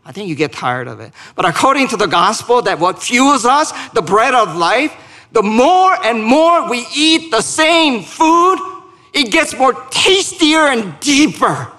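Slow, earnest preacher man. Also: very high voice, big pitch swings, bright, forceful tone, big-room sound. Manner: earnest, slow, rising to emphatic peaks; speaks directly to the congregation with questions. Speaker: pastor. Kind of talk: sermon and closing prayer.

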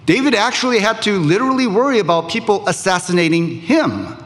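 A man preaching a sermon to a congregation, speaking in measured phrases with emphatic pauses. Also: sits high, lively intonation, a bit bright, big-room sound. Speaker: pastor.

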